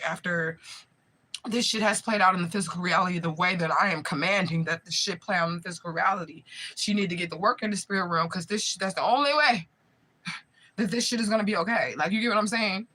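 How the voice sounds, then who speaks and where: A woman around forty speaks fast in a fairly low, sharp-toned voice, recorded at low quality. She's a spiritual medium in an emotional direct-to-camera vlog, rambling, swearing and regularly asking viewers if they follow her.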